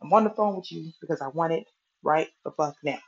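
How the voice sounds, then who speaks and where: A woman's voice: deep voice, brisk. Profane ranting woman, dull lo-fi audio. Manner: exasperated, profane, complaining rant. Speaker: vlogger. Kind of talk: profane comic rant to camera. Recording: dull lo-fi recording.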